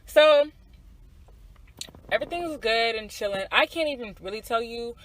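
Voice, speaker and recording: A woman's voice: on the high side, lively intonation, moderate pace, a bit bright, a little hiss or hum, rough recording. A woman in her twenties, co-hosting a podcast and telling a personal story in casual chat, candid and profane, with many fillers and asides to her listeners. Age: 20s. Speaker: podcast co-host.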